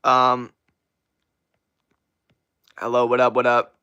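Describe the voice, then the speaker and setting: A man's voice: mid-range voice, monotone, sharp tone, clear, resonant tone. A young man hosting a livestream, answering chat in a blunt, profane, rambling rant that repeats itself. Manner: blunt, profane, talks fast in bursts and repeats himself. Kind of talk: casual unfiltered rant.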